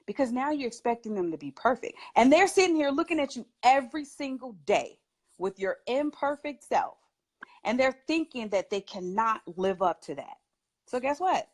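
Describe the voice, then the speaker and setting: A woman who is a mother, speaking as a talk show guest and giving parenting advice in an emphatic, animated way, laughing often. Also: high voice, moderate pace. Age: adult with children.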